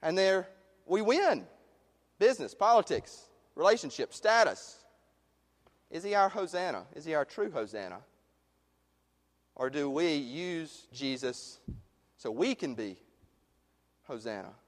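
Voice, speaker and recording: High-voiced male pastor in a reverberant sanctuary. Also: sing-song, a little slow, pauses often. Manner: passionate, swinging from loud emphasis to hushed questions. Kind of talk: sermon. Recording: long reverb of a large hall.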